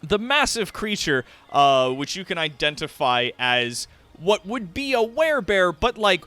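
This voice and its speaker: A man running a tabletop game as game master, narrating in an unhurried way, with lots of fillers and frequent laughter. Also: high voice, sing-song, pushed and bright.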